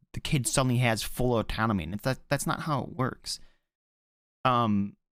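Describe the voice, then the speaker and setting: This is a man co-hosting a casual podcast. His voice sits a bit higher than most men's, and the sound is dry and close. He tells stories animatedly and swears freely. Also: no echo. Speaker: podcast co-host. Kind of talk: casual chat.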